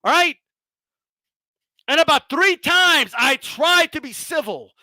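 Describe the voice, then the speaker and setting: A man hosting a boxing channel, gloating and mocking his critics in a heated rant, swearing often and shouting at times. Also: very high-pitched, lively intonation, takes it slowly, no room sound. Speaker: boxing commentator and channel host.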